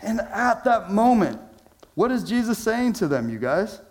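Male pastor, slightly higher voice, laid-back slangy sermon delivery with big dynamic swings. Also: sing-song, unhurried. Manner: casual, conversational preaching with slang; dramatic swings between loud emphasis and hushed low phrases.

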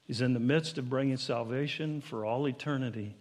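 A man preaching a sermon to his congregation, building to emphatic, higher-pitched peaks and asking them questions directly. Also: steady tone, a little fast, few pauses. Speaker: pastor.

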